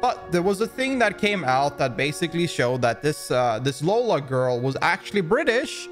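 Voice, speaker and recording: A man's voice: fairly high pitch, very animated, normal speed, faint music behind. A man giving opinion commentary, rambling along with frequent restarts and fillers. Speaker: commentary YouTuber.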